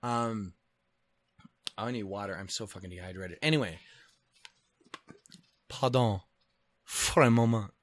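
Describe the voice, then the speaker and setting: A man's voice: lowish voice, measured pace, pauses often, dry recording. A man hosting a podcast alone, telling a rambling, profane, self-deprecating travel story in casual chat. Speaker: podcast host. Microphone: podcast microphone.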